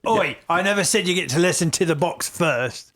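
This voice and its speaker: A man's voice: high-pitched, lively intonation, normal speed, a bit bright, voice pushed up. A man voicing a blunt, stubborn male space dealer who talks in a curt, bossy way.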